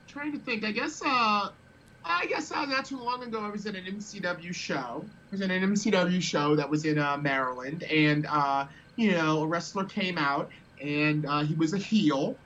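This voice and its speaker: A man's voice: high voice, normal speed, sharp tone, muffled recording, slight background noise. A man guest telling a story in a casual, rambling way, often repeating words as he thinks.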